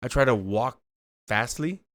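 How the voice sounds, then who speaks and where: A man's voice: medium pitch, a little slow, a bit bright, slight background noise. A man, telling a story in casual chat, acting out the voices and swearing freely. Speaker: co-host.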